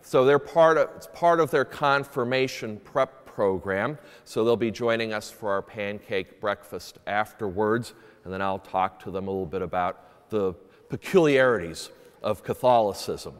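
A man's voice: fairly low pitch, moderate pace, clean tone. A man, a priest, reading the gospel and preaching a homily at Sunday mass, earnest and emphatic when he asks questions. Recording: echoey church with long reverb.

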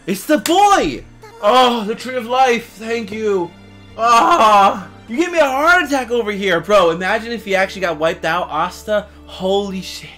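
A young man reacting to an anime episode out loud, excitable and slangy, shouting and laughing at the screen. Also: extremely high pitch, measured pace, soft background music. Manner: slangy casual talk. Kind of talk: live reaction commentary.

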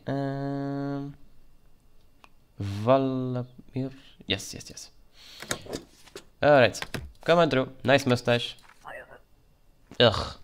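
A man's voice: medium pitch, vocal fry, slight background noise. A man commenting on his gameplay, playing a border guard in a playful put-on Russian-style voice and muttering as he reads documents. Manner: mutters while reading documents. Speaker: gaming channel host. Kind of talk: let's play commentary.

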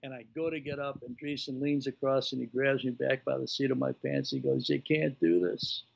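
A man in his sixties telling an animated story on a remote interview, acting out the dialogue of the people in it. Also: medium pitch, a little fast, vocal fry, husky. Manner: animated anecdote-teller, acting out quoted dialogue. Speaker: guest, former baseball executive. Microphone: video call. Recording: lo-fi video call audio.

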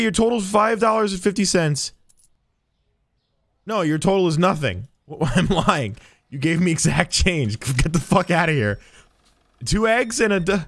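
Lively man streaming a game. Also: sits high, dry recording. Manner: animated, talks to game characters as a shopkeeper; swears freely, jokey. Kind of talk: live gameplay commentary.

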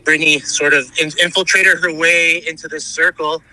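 A man's voice: a little high, flat delivery, moderate pace, bright, forceful tone, low-quality recording. A man interviewed as an eyewitness, recounting an incident hesitantly with fillers.

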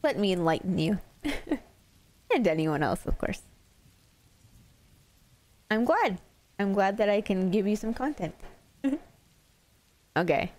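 A woman's voice: mid-range voice, darkish tone. A woman streamer casually reading spooky stories aloud to her chat, playful and laughing easily between stories. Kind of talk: casual storytelling to a live chat.

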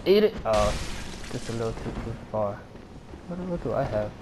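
A man giving excitable live commentary while playing a video game, talking to himself and his viewers and swearing when things go wrong. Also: mid-range voice, moderate pace, noisy background. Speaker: gamer.

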